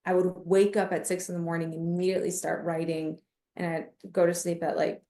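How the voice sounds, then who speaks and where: Woman, podcast guest, comedian, animated storyteller, slightly low pitch, roomy echo. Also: fairly quick. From United States. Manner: animated, acts out quoted voices in her stories. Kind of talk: casual interview storytelling.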